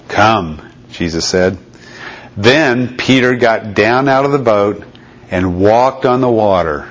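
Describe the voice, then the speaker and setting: A low-voiced man preaching a Bible teaching sermon. He walks through scripture in a conversational way, checking in with his listeners as he goes. The recording is slightly dull and lo-fi. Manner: conversational, checks in with "okay?" and "right?".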